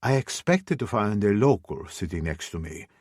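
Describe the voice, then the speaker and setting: A man reading a first-person audiobook in a measured, brooding way. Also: on the low side, sing-song, a little mellow, breathy edge, no echo, studio quality. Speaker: audiobook narrator.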